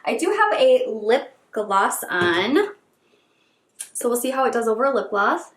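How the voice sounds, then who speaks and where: Woman beauty vlogger, gushing and gasping, unhurried delivery, roomy echo. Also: a little high. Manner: gushing, gasping, repeats herself excitedly. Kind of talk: excited unboxing chat.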